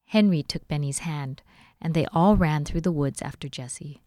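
A woman with a lowish voice reads a children's story aloud, clear and expressive. The recording is close and dry, with no echo at all. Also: moderate pace. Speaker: library volunteer reading aloud.

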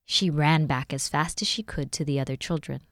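A woman with a lowish voice reads a children's story aloud, clear and expressive. The recording is close and dry, with no echo at all. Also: moderate pace. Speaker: library volunteer reading aloud.

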